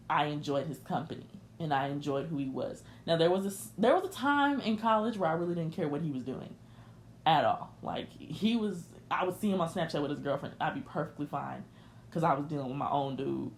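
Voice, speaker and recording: A woman's voice: sits low, slight background noise. A young woman hosting a podcast, confiding a personal story in an emotional, candid rant and speaking straight to her listeners. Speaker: podcast host.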